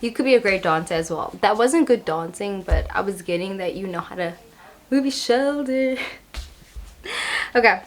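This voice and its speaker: A young woman talks through a tarot card reading in a loose, chatty way. She is playful and teasing, and her middle-pitched voice keeps bouncing higher on the words she stresses. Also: expressive, moderate pace. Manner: chatty, playful, laughs at herself. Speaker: tarot reader. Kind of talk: casual tarot reading to camera.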